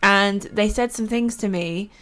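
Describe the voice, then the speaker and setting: A woman with a mid-range voice co-hosts a casual faith-based podcast. She tells personal stories in a chatty, open way. She is quick to laugh. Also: medium pitch, a bit bright. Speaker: podcast co-host.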